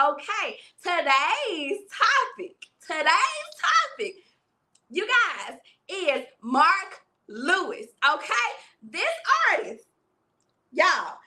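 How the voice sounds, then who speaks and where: A woman hosting a livestream, talking to her chat with a high, very bright and forceful voice. She is excitable and chatty, laughs a lot and keeps calling her viewers y'all. She sits in a chair and keeps the energy up. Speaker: host of a live music interview show. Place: seated in a chair.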